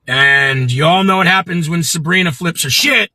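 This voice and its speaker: Middle-aged Midwestern man, livestream host, profane ranter, very bright slightly high voice. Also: moderate pace, no echo, poor audio. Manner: blunt and profane, greets viewers by name. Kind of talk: ranting livestream monologue.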